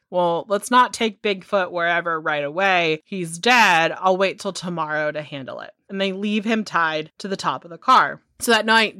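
A woman's voice: on the low side, a bit bright, no echo, clean studio sound. A young adult woman hosting a podcast, casually recapping a film with many "like" fillers and free swearing. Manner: chatty, lots of "like" fillers, swears freely. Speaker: podcast host.

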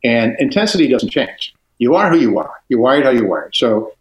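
A man's voice: medium pitch, big pitch swings, moderate pace. An older retired man, talking in an intense, emphatic way as a guest in casual chat. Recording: roomy echo.

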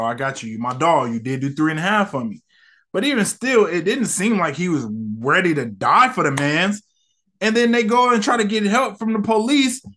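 Animated slangy man reviewing movies. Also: fairly high pitch. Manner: animated, slangy, acts out characters' lines. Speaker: podcast host reviewing movies.

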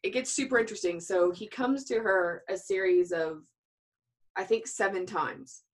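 A woman in casual conversation, retelling a book's story with lively acted-out dialogue. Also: medium pitch, normal speed. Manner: animated storyteller, acting out quoted dialogue. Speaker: podcast co-host discussing a book.

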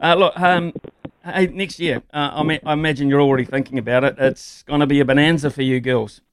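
A man's voice: on the high side, fairly even intonation, fairly quick, slight background noise. A man with a New Zealand accent hosting a sports radio show, giving firm opinions and interviewing a guest with plenty of "uh" fillers.

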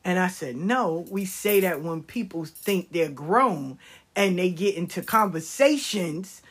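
A middle-aged woman telling comedic stories in a casual, animated way, swearing freely. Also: fairly low pitch, unhurried, husky. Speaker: storyteller.

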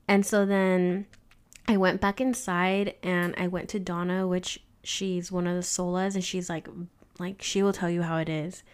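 A woman co-hosting a podcast, telling a story in casual chat, animated and full of "like". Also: lowish voice, a little slow, clean tone. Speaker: podcast co-host, hair stylist.

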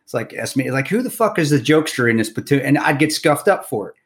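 A man, a former Army Ranger who co-hosts a podcast, in casual conversation, eager and quick to laugh. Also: medium pitch, expressive. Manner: eager, laughs often, quick back-and-forth.

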